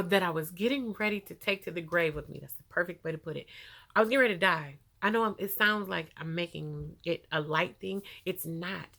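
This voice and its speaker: A woman telling her own story to camera in a casual, animated way, laughing often and growing emotional, with features. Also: fairly low pitch, gravelly.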